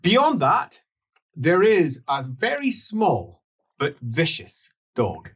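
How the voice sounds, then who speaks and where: A man narrates a tabletop game as game master. He talks slowly, and his pitch rises and falls a lot. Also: breathy edge. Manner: unhurried, animated narration.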